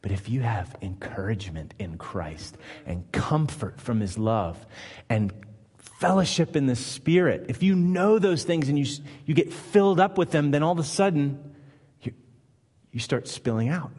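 A man's voice: medium pitch, animated, moderate pace, a little mellow, slightly rough, long reverb tail. A man preaching a sermon in an emphatic style, often asking the listeners rhetorical questions.

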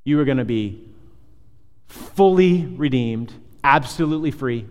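A man preaching to his congregation, his mid-pitched voice carrying a long hall reverb. He moves between lively rhetorical questions and quieter, more intimate asides in a conversational tone. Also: measured pace. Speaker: pastor. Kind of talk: sermon. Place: church hall.

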